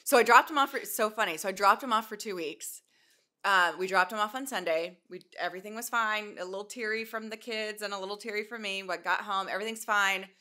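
A woman in her forties hosting a podcast, chatting casually and telling animated stories, swearing now and then. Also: medium pitch, a little fast. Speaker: podcast host. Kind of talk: casual chat.

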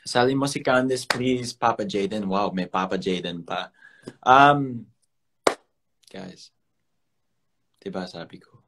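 Young man, low-voiced, casual phone-stream host, chatty, code-switching. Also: a little slow, pauses often, noisy background. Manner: switches between English and Filipino, chatty with viewers. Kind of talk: casual chat.

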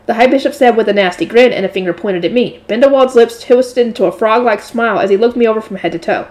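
A woman reading a light novel aloud in a steady narrating voice, adding her own asides. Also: fairly high pitch, fast talker, hardly any pauses. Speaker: audiobook reader.

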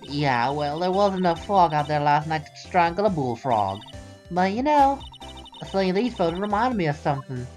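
A man doing a loud sassy Southern lady. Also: on the high side, big pitch swings, normal speed, soft background music, voice pushed up. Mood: excited. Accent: put-on Southern US. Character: brash Southern woman photographer.

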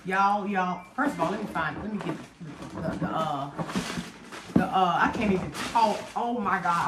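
A woman, chatting excitedly and dramatically to viewers while unboxing gifts at home. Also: lowish voice, a little slow. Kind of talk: casual chat to viewers. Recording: roomy echo, faint noise.

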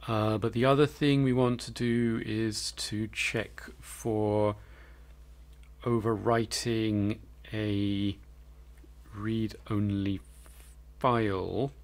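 A man's voice: lowish voice, little pitch movement, drawn-out words. A man giving live coding commentary as a programmer, thinking aloud and hesitating with fillers.

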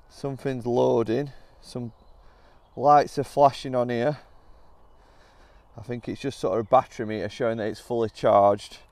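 A man's voice: medium pitch, darkish tone. A man chatting candidly to camera, talking viewers through setting up a golf gadget at an outdoor range, filmed on a phone. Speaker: golf vlogger. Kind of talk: casual vlog chat to camera. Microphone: phone camera recording.

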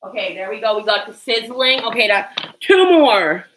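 A woman's voice: mid-range voice, steady tone, brisk, sharp tone, a little hiss or hum, rough recording. A woman chatting casually on a livestream while she cooks in her home kitchen, nervous and self-deprecating, with sudden yelps. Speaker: livestream cooking host.

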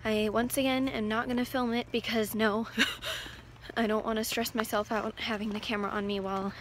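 A woman's voice: a little high, normal speed. A young woman in her late teens vlogging on a handheld camera while walking a dog outdoors, rambling anxiously. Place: outdoors on a walk. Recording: outdoor camera audio with steady background noise.

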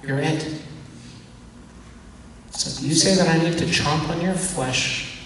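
A priest giving a teaching talk, animated and acting out the voices of the people in his story. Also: fairly high pitch, slow, slight background noise. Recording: echoey church hall from far off.

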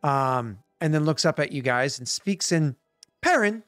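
A man's voice: mid-range voice, a bit bright, no echo, faint music behind. Male game master, rambling and full of fillers, worn-out voice, dry recording. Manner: rambling, halting, lots of fillers. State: voice worn from work. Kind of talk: narrating a tabletop game.

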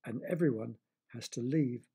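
A man narrates a bedtime story for children, chatting gently and speaking straight to his young listeners. His voice is gravelly, mellow and husky. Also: mid-range voice, normal speed.

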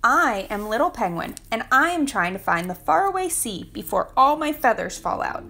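A woman voicing a small, eager young male penguin chick in a storybook reading, with a high, piping, anxious voice. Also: sing-song, moderate pace, gravelly, bright, forceful tone, slight background noise, heavily acted.

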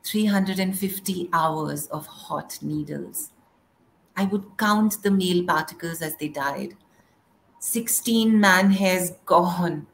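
A middle-aged woman performing a spoken word poem in a slow, measured recitation. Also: fairly low pitch, gravelly, a little hiss or hum, low-quality recording. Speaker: poet.

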